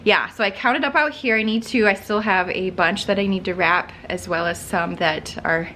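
A woman's voice: medium pitch, normal speed, bright, forceful tone, a little hiss or hum. A woman in her thirties chatting casually to her camera in a vlog, rambling a little and laughing now and then. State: out of breath. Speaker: vlogger. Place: at home, then in a car and out in the cold.

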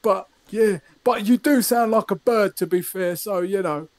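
A man with a high-pitched voice rambles through improvised comic banter. He is deadpan, stumbles over his words, and makes mock-aggressive threats. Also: measured pace.

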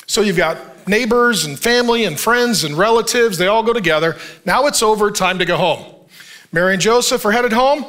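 A lively male pastor preaching in a church, and his voice sits high and sounds bright. He reads scripture and jokes with the congregation, breaking into quick voices for the people in the story. He sounds middle-aged. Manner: animated, jokey, acts out voices in the story. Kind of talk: sermon.

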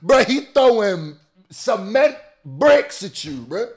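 A man, a rapper, giving casual, animated commentary full of slang and exclamations while reacting to a music video. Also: sits high, slow pace.

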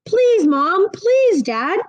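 A woman puts on an excitable young boy for a storybook reading, high and springy with eager pleading. The sound is dry and slightly dull. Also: very slow, no echo, heavily acted.

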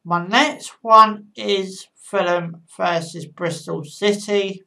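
A woman talks through her football match predictions at a slow, unhurried pace, stopping often to gather her thoughts. Her voice sits at a mid pitch and sounds slightly distant from the microphone. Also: steady tone, creaky, pushed and bright. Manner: halting, with frequent pauses and fillers. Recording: voice a bit far from the mic.

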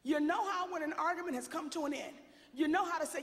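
A woman performing a stand-up comedy set, bold and sassy, shouting out her punchlines. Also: high voice, quick pace, in a large hall.

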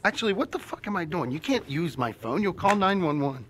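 A man's voice: sits high, very animated, brisk, a little hiss or hum. A man playing a jittery, erratic robber. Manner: shouty, swings between threats and apologies. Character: erratic jittery male robber, menacing yet apologetic. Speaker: robber in a comedy sketch. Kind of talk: sketch comedy acting.

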